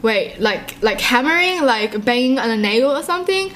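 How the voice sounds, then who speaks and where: A young woman reading short horror stories aloud and reacting in a jumpy, excitable way, often laughing. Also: a little high, normal speed, slight background noise.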